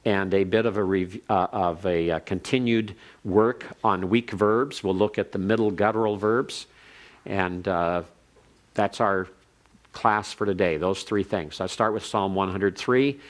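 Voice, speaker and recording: Guy with a lowish voice teaching a grammar class, slow careful explaining, classroom lecture. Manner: methodical, reads Hebrew slowly for repetition.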